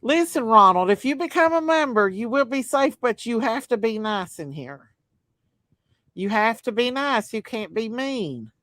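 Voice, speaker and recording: A woman's voice: on the high side, fairly bright tone, no room sound, low-quality recording. A woman, chatting casually as livestream host and answering her chat. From Kentucky. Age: 40s.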